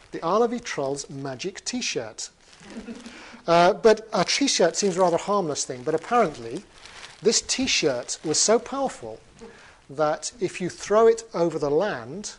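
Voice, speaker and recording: A man retelling an old fable in a talk, animated, with wry humorous asides. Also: on the high side. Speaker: storyteller. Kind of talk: storytelling talk.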